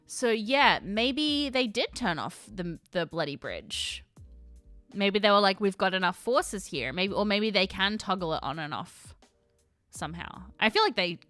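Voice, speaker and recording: Chatty woman with a lively, bright voice. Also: medium pitch, unhurried, dry recording, faint music behind. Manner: chatty, thinks aloud, often unsure. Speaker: livestream host. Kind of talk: casual livestream chat.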